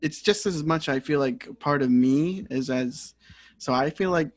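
A young adult man who raps, co-hosting a podcast and talking in a halting way, full of fillers and restarts. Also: on the high side, no room sound. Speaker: podcast co-host and rapper. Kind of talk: casual chat.

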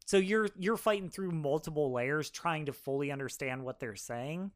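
Male co-host, slightly higher voice, upbeat and chatty, talks straight to the audience. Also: moderate pace. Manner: upbeat, addresses listeners directly. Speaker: podcast co-host. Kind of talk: casual film review chat.

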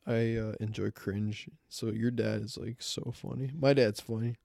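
A man's voice: on the low side, steady tone, moderate pace, gravelly, darkish tone, no echo. A young man co-hosting a podcast, rambling and joking in casual chat. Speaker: podcast co-host.

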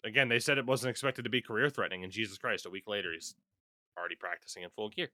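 A man's voice: on the low side, rapid-fire, sharp tone, dry recording, clean studio sound. A man hosting a casual sports chat, reading out hockey news and swearing freely. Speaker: podcast host.

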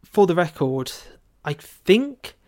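This book podcast co-host has a high voice that swings widely in pitch and sounds a little mellow, and he speaks slowly. His chat about the book is relaxed and lively, full of filler words.

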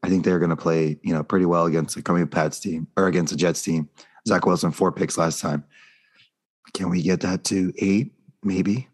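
A man hosting a casual sports betting chat, upbeat and leading the segments, his voice going hoarse. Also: low voice, steady tone, normal speed. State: losing his voice. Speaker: podcast host.

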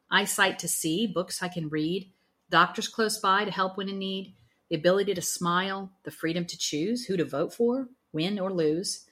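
A woman with a lower voice hosts a Christian talk show. She speaks in a measured way, reciting a short poem at a steady pace. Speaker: host.

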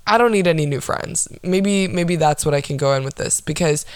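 A woman's voice: deep voice, fairly quick, clear, resonant tone, no room sound. A young woman hosting her own podcast, rambling in a dry, sarcastic, profane way. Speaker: podcast host. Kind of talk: casual solo podcast chat.

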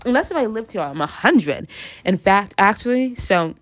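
This young woman's mid-range voice has a sing-song lilt and a normal speed. A vlogger with a stuffy head cold, she rambles through a casual confessional chat full of self-deprecating jokes.

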